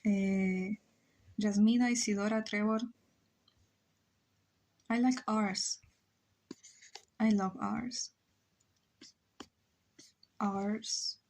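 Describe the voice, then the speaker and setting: A woman with a Spanish accent chats casually with her stream while she draws. She rambles and thinks aloud at an unhurried, slow pace, with her voice in a middle pitch. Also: fairly even intonation, darkish tone. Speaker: live streamer.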